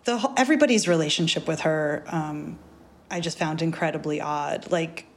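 Incredulous woman, lowish voice. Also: normal speed. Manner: incredulous, lively, many fillers. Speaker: podcast guest. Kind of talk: casual chat.

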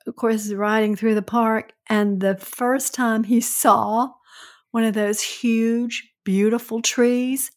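An older woman co-hosts a chat podcast with her son, telling family stories at a slow, easy pace. Her voice sits a little high, and she laughs often. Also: steady tone. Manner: unhurried, laughs easily, storytelling. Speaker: podcast co-host, host's mother. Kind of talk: casual chat.

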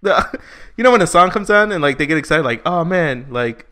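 A man's voice: a little high, sing-song, fairly quick, pushed and bright. A man co-hosting a podcast in casual chat, joking, laughing often and swearing freely. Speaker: podcast co-host.

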